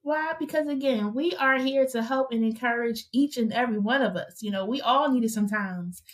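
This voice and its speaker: A woman hosting a live interview show, lively and playful, encouraging her guest and reading out viewer comments. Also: on the high side, fairly quick. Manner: reads viewer comments aloud. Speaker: host.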